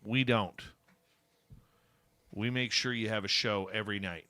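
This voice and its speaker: Bright, dry-voiced male radio host. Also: on the low side, steady tone, a little slow, no echo. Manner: informal, chatty, upbeat announcer delivery. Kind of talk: casual radio chat and show promos.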